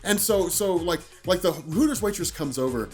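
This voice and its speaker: A man in his late thirties tells a story to camera with quick, animated energy. His pitch sits slightly high and swings widely as he stumbles through restarts and a steady stream of "like". Faint music plays softly under him. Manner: animated, heavy use of "like" and restarts. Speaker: vlogger. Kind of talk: casual storytelling.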